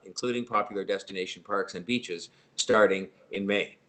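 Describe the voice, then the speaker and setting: Older man, mayor type, lowish voice, formal prepared remarks with frequent fillers. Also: a bit bright. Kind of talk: prepared public announcement.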